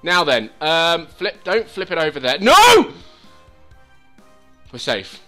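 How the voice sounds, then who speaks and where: A man commentating his own game, swearing and pleading with it out loud. His pitch leaps wildly and his tone is bright and sharp, with game music faintly underneath. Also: moderate pace. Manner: excitable, swearing, talks to the game. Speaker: gaming channel host. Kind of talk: let's play commentary.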